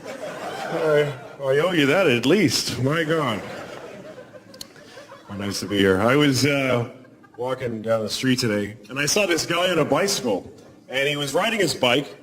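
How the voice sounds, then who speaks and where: A man's voice: fairly high pitch, slight background noise. A man in his forties performing a stand-up set on a concert hall stage, rambling and self-deprecating as he acts out scenes. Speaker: stand-up comedian. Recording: live concert recording with loud crowd. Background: loud laughing audience.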